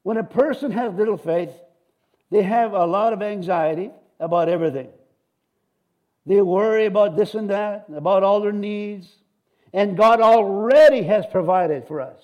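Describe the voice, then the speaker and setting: A middle-aged male pastor preaches with a high-pitched voice. He is animated and lively, breaking into cheers and amens, and drops in joking asides between his points. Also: moderate pace, lo-fi sound. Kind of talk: sermon.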